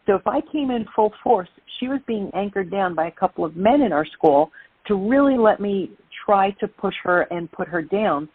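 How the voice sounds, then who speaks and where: A middle-aged woman from Brooklyn, a guest telling lively stories in an interview. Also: mid-range voice, husky. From Brooklyn, New York. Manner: lively, animated storyteller. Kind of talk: interview storytelling. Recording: tinny phone-like line.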